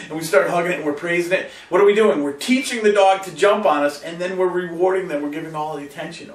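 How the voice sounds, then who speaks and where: A male dog trainer giving an animated lesson to camera and checking in with listeners, often slipping into high voices to quote dog owners. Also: fast. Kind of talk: instructional talk to camera. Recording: roomy sound from a distant mic.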